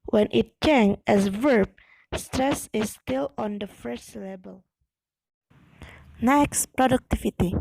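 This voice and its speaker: A young woman, reading a class presentation aloud with slow, careful delivery and occasional slips. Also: a little high, gravelly, a little mellow, slight background noise, low-quality recording. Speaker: student presenting an exam video.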